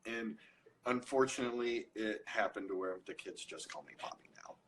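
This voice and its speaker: A man chatting as a guest on a live video interview, telling funny stories in an animated way. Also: fairly low pitch, moderate pace, a little hiss or hum, rough recording. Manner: animated storyteller, self-deprecating jokes. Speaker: interview guest, recipe creator. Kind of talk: casual chat on a live stream. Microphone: phone or computer mic on a video call.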